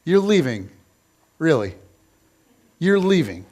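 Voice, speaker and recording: A man's voice: fairly high pitch, very animated, slow pace, a little mellow, exaggerated voice. A man voicing a group of baffled male disciples who can't believe what they're hearing. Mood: incredulous.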